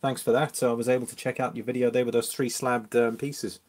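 A man's voice: mid-range voice, quick pace. A man hosting a casual live stream from home, reading viewer comments aloud, greeting people by name and chuckling between messages. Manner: chatty and relaxed, greets viewers and chuckles often. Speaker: livestream host.

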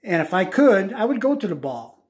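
Cinderella, a gentle hopeful girl, read by a man. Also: high-pitched, sing-song, moderate pace. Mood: wistful. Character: poor hardworking young girl, gentle and hopeful.

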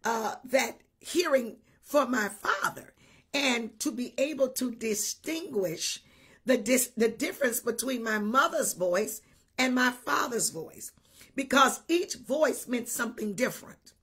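A woman's voice: a little high, lively intonation, unhurried, a bit bright, breathy edge. A woman bishop preaching a livestream sermon, greeting viewers by name and repeating her points emphatically with frequent hallelujahs.

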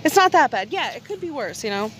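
Talking fast in a high voice, a woman live-streams from a car on a rainy night with her phone in her hand. The chat is casual, excitable and jokey, peppered with swearing and frequent laughter, over slight background noise.

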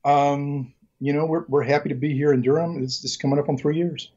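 A man's voice: on the high side, steady tone, a little fast, a little mellow, slightly rough, dull audio. A middle-aged man from Mississippi with a Southern accent, a guest telling stories in a rambling, joking way with many ums and restarts. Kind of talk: casual interview storytelling.

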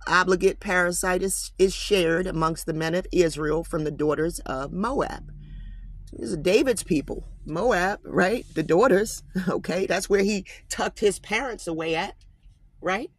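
A man's voice: on the high side, dry recording. A man reading scripture aloud and commenting on it in a casual, emphatic way, often addressing listeners as guys. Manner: emphatic, slangy asides. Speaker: Bible commentator.

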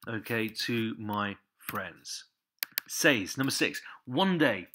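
A man's voice: fairly low pitch, animated, slow, pushed and bright, slight background noise. A man giving a patient Spanish lesson, repeating each word and pointing out the accents again and again. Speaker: Spanish teacher. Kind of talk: step-by-step language lesson.

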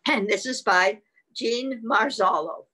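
A woman's voice: on the high side, takes it slowly, pushed and bright. A woman reading a picture book aloud to toddlers, sing-song, stopping to ask them questions. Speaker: children's storyteller.

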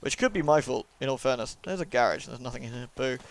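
A man's voice: medium pitch, animated, fast talker, creaky, a little hiss or hum. A young man giving casual, jokey let's-play commentary, swearing and chatting to the game character. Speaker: gaming YouTuber.

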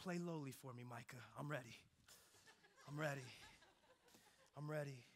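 At a moderate pace and medium pitch, a young man delivers a sermon as a pastor, sharing a story from his childhood. His delivery moves back and forth from hushed reflection to loud excitement.

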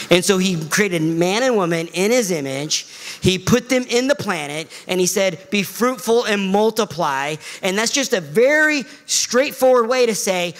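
A middle-aged male pastor preaching a sermon, animated and emphatic. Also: moderate pace. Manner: animated preaching, pitch swings high for emphasis.

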